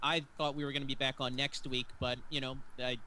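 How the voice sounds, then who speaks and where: A man's voice: mid-range voice, level tone, a little fast, pushed and bright, a little hiss or hum, low-quality recording. A man hosting a casual podcast chat who rambles and corrects himself as he goes. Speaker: host.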